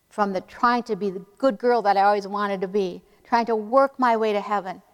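A woman preaching a sermon in an earnest, emphatic way, slowing down to stress key phrases. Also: medium pitch, big-room sound.

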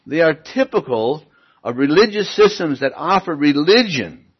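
A man's voice: a little high, sing-song, normal speed, husky. A man preaching a sermon and reading Bible verses aloud, stressing lines emphatically with wry asides. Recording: dull lo-fi recording.

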